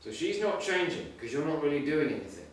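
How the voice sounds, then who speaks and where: Male acting coach, urging and coaxing, high voice, heard from afar in a reverberant room. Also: sing-song, fast. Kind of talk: coaching an actor through a monologue. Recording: echoey room from far off, background noise.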